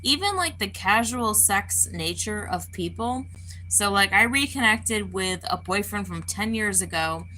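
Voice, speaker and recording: A woman's voice: mid-range voice, lively intonation, unhurried, bright, forceful tone, slight background noise, rough recording. A woman spiritual advisor ranting off the cuff to camera, swearing heavily and filling her talk with "like.". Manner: profane, heated, full of "like" fillers. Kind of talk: unscripted rant to camera.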